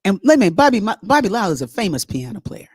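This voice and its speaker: A middle-aged woman hosting, telling a story to her online audience in a lively, chatty, rambling way. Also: mid-range voice, quick pace, breathy edge, dry recording, studio quality. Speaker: host.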